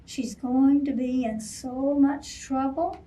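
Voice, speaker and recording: A woman's voice: sits high, slow pace. A woman voicing a grumpy male bear who bellows and growls, reading a storybook aloud. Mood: demanding. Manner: loud, gruff, bellowing. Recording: voice from a distance off mic.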